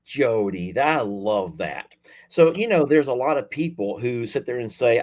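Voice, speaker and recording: Folksy man, lively pitch. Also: normal speed. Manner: folksy, effusive, lots of y'all and sweetie. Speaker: livestream host. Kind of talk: casual chat with callers.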